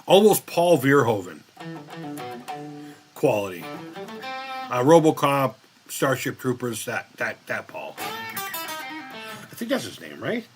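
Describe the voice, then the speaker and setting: A man's voice: medium pitch, wildly swooping pitch, takes it slowly, pauses often, over music. An American man hosting a casual live chat, rambling and swearing freely as he laughs along. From United States. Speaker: live stream host.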